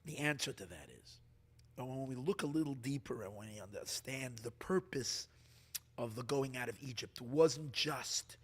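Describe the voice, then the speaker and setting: A man giving a sermon as a rabbi, animated and prone to restarts, who acts out quoted dialogue. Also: medium pitch, moderate pace, slightly rough.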